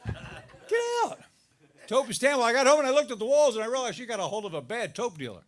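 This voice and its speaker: A middle-aged man doing a stand-up comedy set, telling stories about his marriage, his voice jumping up high for the punchlines. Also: rapid-fire. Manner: animated storytelling, voice jumps up for punchlines. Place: live comedy venue with audience laughter.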